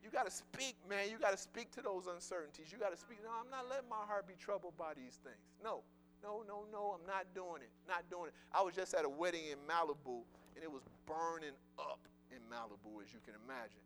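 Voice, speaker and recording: A man preaches a sermon woven with personal testimony, conversational yet emphatic, repeating words and swinging from loud declarations to soft murmurs. His voice sits high and moves briskly, with soft music in the background.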